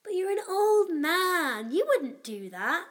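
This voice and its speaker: Man putting on a tiny high-pitched girl, sing-song, bouncy, innocent-sounding with a sinister edge, storybook reading. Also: very animated, takes it slowly, fairly bright tone, full character voice. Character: sweet-seeming little girl, secretly sinister.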